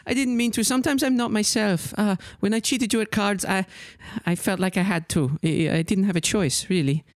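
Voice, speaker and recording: A woman's voice: medium pitch, moderate pace, no room sound, studio quality, pitched above the performer's own voice, close to an everyday voice. A woman voicing a young, anxious female tiefling thief who apologizes and pleads in a tabletop role-play. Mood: apologetic.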